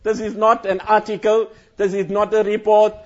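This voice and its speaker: Earnest male cleric, high-pitched voice, dull lo-fi sound, recounting an emotional scene. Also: flat delivery, moderate pace. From South Africa. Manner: earnest, repeats phrases, breaks into chanted Quran recitation. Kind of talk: emotional first-hand recounting talk.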